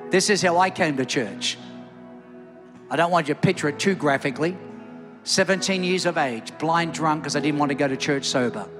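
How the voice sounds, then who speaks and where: A middle-aged male pastor preaching a sermon with an altar call, impassioned and building to near-shouts. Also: fairly high pitch, moderate pace, big-room sound, over music. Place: church service, also streamed online.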